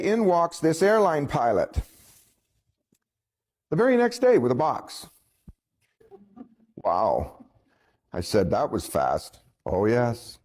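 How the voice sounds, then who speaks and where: Guy telling a story from his own life, chuckles a lot, does little voices for the others. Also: mid-range voice. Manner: folksy, chuckling, quoting others in lively voices.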